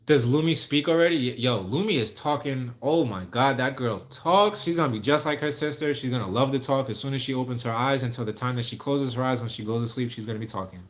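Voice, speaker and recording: A man's voice: mid-range voice, fast talker, few pauses. Casting: man streamer, casual and candid, rambling answers to viewers. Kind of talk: casual livestream chat.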